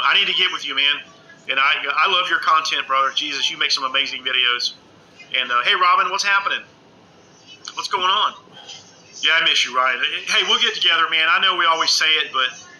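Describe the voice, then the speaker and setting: Bright, rambling man on a livestream. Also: on the high side, poor audio. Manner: rambling, excitable, lots of "man" and "uh". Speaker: ghost-hunting live streamer. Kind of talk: casual live-stream chat with viewers. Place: indoors at home under a lamp.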